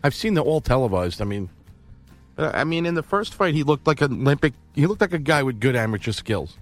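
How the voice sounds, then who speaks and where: A man's voice: medium pitch, very animated, a little fast, soft background music. A man co-hosting a boxing podcast, giving blunt, emphatic opinions in casual chat.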